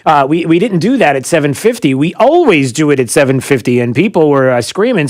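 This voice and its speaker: A man's voice: fairly high pitch, expressive, fairly quick, a little mellow, dry recording, clean studio sound. A man hosting a morning radio talk show, joking and rambling with lots of fillers and restarts. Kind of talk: casual morning radio chat.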